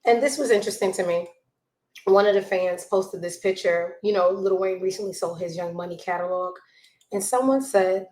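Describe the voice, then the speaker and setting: A woman hosting a gossip show from home on a desk mic, blunt and judgmental, swinging between loud outbursts and hushed asides. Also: mid-range voice, normal speed, roomy sound, poor audio. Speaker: show host. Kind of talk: casual gossip commentary. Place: home room with a child nearby.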